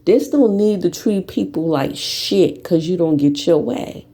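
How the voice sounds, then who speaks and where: Gravelly, animated woman ranting bluntly. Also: a little slow. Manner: blunt, profane, swings between low mutters and sharp high bursts. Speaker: YouTube commentator. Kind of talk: ranting commentary. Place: at home.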